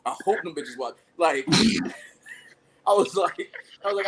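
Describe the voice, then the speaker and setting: A man hosting a casual comedy podcast, telling profane, animated stories and laughing often. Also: a little high, slow, heavy background noise. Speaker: podcast host.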